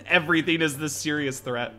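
Man co-host, bright tense tone, fairly high voice, thoughtful casual podcast talk. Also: normal speed, soft background music. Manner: thoughtful, searching for words, light laughs.

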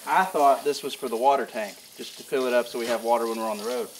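A man's voice: medium pitch, steady tone, fast talker, slight background noise, low-quality recording. A man co-hosting an outdoor show, joking and needling his partner. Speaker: show co-host. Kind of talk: casual outdoor show chat.

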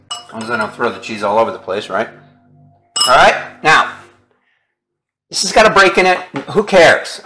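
A chatty chef walks viewers through a recipe in his home kitchen, full of enthusiasm and constant check-ins with the audience. His voice sits a bit high for a man and has a bright, forward edge. He talks casually, like a friend cooking next to you. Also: rough recording. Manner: chatty, keeps checking in with "okay?" and "right?"; upbeat and enthusiastic about the food. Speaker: chef hosting a cooking show.

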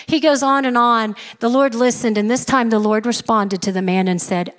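A woman's voice: fairly high pitch, steady tone, normal speed, hardly any pauses. A middle-aged woman pastor preaching a sermon in an earnest, emphatic manner in a church. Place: church sanctuary. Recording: reverberant church hall.

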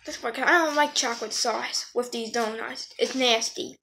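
Chatty high-voiced woman eating on camera. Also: moderate pace, sharp tone, a little hiss or hum. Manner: chatty, talks while eating, corrects herself. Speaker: vlogger. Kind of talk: casual eating vlog.

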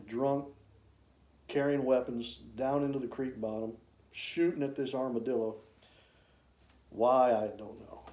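A man, casually telling rambling, folksy stories about his old hunting camps, with drawn-out "uh" fillers. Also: mid-range voice, dark tone. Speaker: hunter reminiscing. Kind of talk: casual storytelling. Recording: roomy echo.

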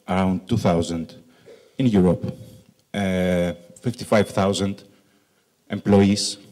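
A man with a Greek accent shaped by Italian, giving a conference presentation as a country manager, joking about his English and slowing down for emphasis with many fillers. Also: lowish voice, a little mellow. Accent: Greek with Italian influence. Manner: jokey, slow emphatic asides, frequent uh fillers.

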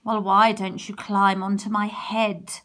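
A woman voicing a sly, smirking male fox who talks in a smooth, coaxing way. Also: medium pitch, little pitch movement, takes it slowly, fairly bright tone.

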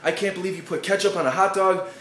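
A man putting on the voice of shrill, disgusted partygoers scolding in a valley-girl manner, in an echoey room. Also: steady tone, quick pace, a bit bright, slight background noise. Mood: appalled.

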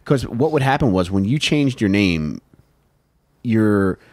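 A young man hosts a comedic true-crime podcast in a very low, deep voice that rises and falls with plenty of expression. He talks in a laid-back, profane way, and his voice comes across close and dry, with no room sound. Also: expressive, unhurried, darkish tone, dry recording. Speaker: podcast host.

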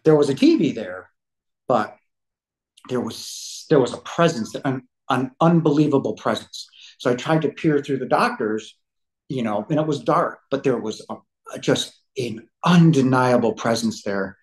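A man's voice: mid-range voice, moderate pace, low-quality recording. A man in his fifties, a podcast guest telling a personal story at home, rambling and often saying "you know". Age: 50s. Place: living room couch at home.

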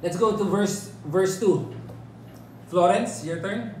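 A woman's voice: mid-range voice, slow pace, dark tone, a little hiss or hum. A woman leading a Bible study, emphatic and full of rhetorical questions, checking in with "right?". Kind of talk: interactive Bible teaching. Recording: echoey room with faint ambience.

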